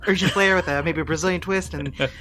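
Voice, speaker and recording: Casting: a man as a rambling, eager adventurer, bright, fast-talking. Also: high-pitched, a little hiss or hum. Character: jittery chatty adult adventurer, rambling about plans. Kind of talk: in-character tabletop roleplay.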